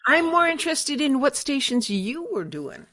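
A woman's voice: high-pitched, big pitch swings, normal speed, a bit bright. A woman from Michigan's Upper Peninsula hosting an interview and asking chatty, curious questions. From Upper Peninsula of Michigan, USA. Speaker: interview host. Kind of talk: casual interview.

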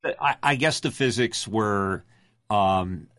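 Older man with a deep radio voice. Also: takes it slowly, a bit bright, no room sound, studio quality. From Delaware, USA. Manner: deep resonant radio-announcer delivery, rambling with many fillers. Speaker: interview guest, radio announcer and voiceover artist. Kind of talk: casual interview.

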